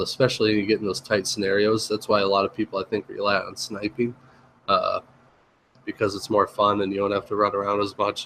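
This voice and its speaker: A man co-hosting a podcast who sounds nasal with a slight lisp from a sinus issue, speaking hesitantly with many pauses. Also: on the low side, slight background noise, rough recording. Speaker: podcast co-host. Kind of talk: casual chat.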